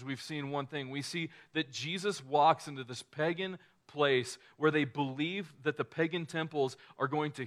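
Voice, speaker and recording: A man's voice: on the high side, a bit bright. A man preaching a sermon in a casual, conversational way, often restarting phrases and acting out quoted lines.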